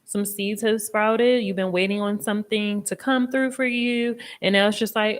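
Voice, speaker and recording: A young woman hosting a casual live tarot reading, chatty and expressive, with a reassuring tone and casual swearing. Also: medium pitch, normal speed, hardly any pauses. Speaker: tarot reader and live stream host.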